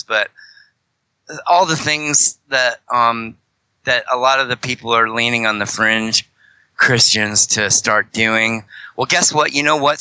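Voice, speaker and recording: Male podcast guest, loose and digressive, constantly correcting himself, bright tone. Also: mid-range voice, smooth, no echo, low-quality recording. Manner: rambling, joking, many self-corrections. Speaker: guest, fellow fringe Christian show host. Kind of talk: casual podcast chat.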